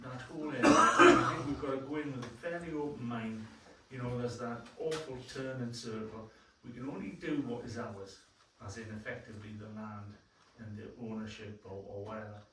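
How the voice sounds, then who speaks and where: A man's voice: medium pitch, bright, forceful tone. A man giving a councillor's report at a council meeting, speaking in a plain, colloquial way. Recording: very echoey room, distant mic, faint noise.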